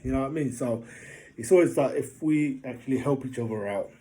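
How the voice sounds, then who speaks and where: Warm-voiced man rambling casually. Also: medium pitch, fairly quick. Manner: rambling, keeps asking "do you know what I mean"; animated when telling funny stories. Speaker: motivational vlogger. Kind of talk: casual motivational monologue.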